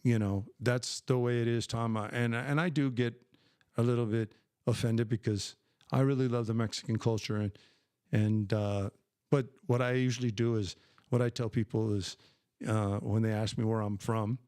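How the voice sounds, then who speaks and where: A man's voice: mid-range voice, steady tone, normal speed, darkish tone, clean tone, dry recording, studio quality. Older man rambling on a live stream. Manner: rambling, many fillers and restarts. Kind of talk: casual live stream chat.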